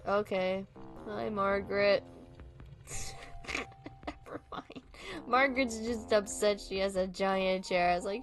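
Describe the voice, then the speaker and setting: A woman's voice: medium pitch, steady tone, unhurried, pauses often, soft background music. A young adult woman streaming a game, chatting casually and laughing often. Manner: giggly, chatty, swearing freely.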